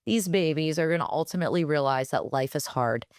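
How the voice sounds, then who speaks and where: A woman's voice: sits low, fairly quick, no room sound, clean studio sound. A middle-aged woman co-hosting a podcast, chatting frankly and swearing freely. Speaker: podcast co-host. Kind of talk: casual chat.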